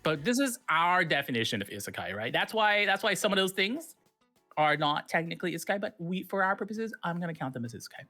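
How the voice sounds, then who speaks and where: Lively bright-voiced talk show host. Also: medium pitch, fast, soft background music. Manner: opinionated, explains own definitions at length, playful. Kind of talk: casual streamed chat.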